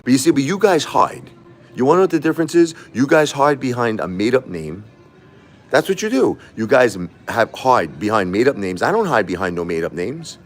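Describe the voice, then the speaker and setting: A man's voice: medium pitch, very animated, a little fast, soft background music. A man livestreaming a combative, boastful rant, taunting his critics and repeating himself. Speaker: livestreaming YouTuber. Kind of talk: ranting livestream monologue.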